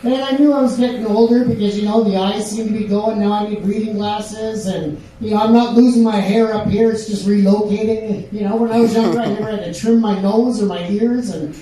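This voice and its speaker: A man's voice: high voice, a little fast, hardly any pauses, very echoey, recorded from a distance, slight background noise, poor audio. Rambling older man on a pub stage. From Canada. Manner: rambling deadpan delivery with many fillers. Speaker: stand-up comedian. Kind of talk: stand-up set.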